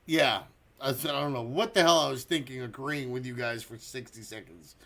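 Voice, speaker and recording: A man with a medium-pitched voice talks fairly quickly as he hosts a casual stream on a community server. Between chatting with viewers he calls a duck race, swearing liberally and quacking loudly to rally the racers.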